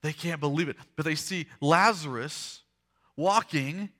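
A man preaching a sermon, retelling a story dramatically, acting out the voices and swinging from hushed to loud. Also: on the high side, moderate pace. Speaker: pastor.

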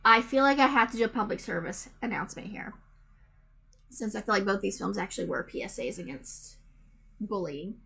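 A woman's voice: mid-range voice, a little fast, creaky, sharp tone, husky. A woman co-hosting a podcast, teasing her co-host in an exasperated tone and hesitating often as she gathers her thoughts. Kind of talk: casual chat, film review. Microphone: remote recording, separate room from co-host.

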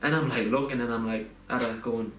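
A young man talks through a personal story in a loose, heartfelt way, circling back with fillers and restarts. His voice sits at an ordinary middle pitch. The room gives it a noticeable echo, with a faint hum of noise underneath. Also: steady tone, brisk, a bit bright. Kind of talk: casual podcast chat.

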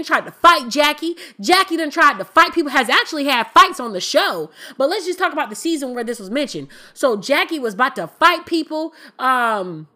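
A woman's voice: fairly high pitch, pushed and bright. A woman hosting a podcast, giving her candid, emphatic opinions in a casual conversational style with colloquial speech. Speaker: podcast host.

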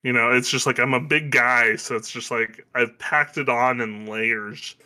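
Podcast host, male, very bright tone, loose rambling self-mocking chat. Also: mid-range voice, steady tone, unhurried. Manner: rambling, self-deprecating, laughs often. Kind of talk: casual chat.

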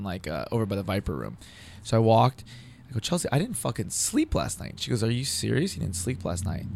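A man's voice: mid-range voice, vocal fry, no echo. A man telling a long personal story in casual, profane, rambling talk, acting out what others said.

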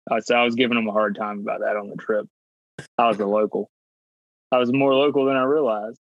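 A man's voice: lowish voice, fairly even intonation, fast talker, no room sound. Easygoing man, muffled. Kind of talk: casual chat. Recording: dry, muffled.

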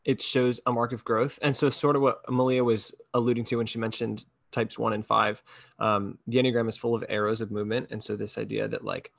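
A man's voice: lowish voice, little pitch movement, brisk, gravelly, no room sound, studio quality. A man hosting a conversation, explaining ideas in a reflective way with frequent fillers. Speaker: host. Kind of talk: conversational podcast talk.

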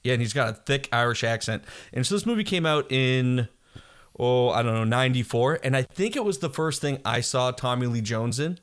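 A man from the Boston area with a slight Boston accent, chatting loosely as a podcast co-host. His voice sits at a middle pitch, and he fills his sentences with ums and eager asides. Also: fairly quick. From Boston area, USA. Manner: rambling, many ums, lively retelling. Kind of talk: casual chat.

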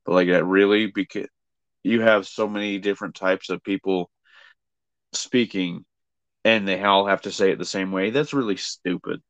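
A man's voice: low-pitched, fairly even intonation, normal speed, a bit bright, dry recording. A man co-hosting a podcast in casual chat, blunt and profane, hedging often. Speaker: podcast co-host.

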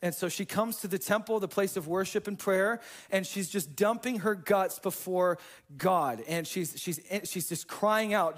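A man preaching a sermon as pastor, talking casually with slang and swinging between hushed, intimate moments and fired-up emphasis. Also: sits high, a little slow.

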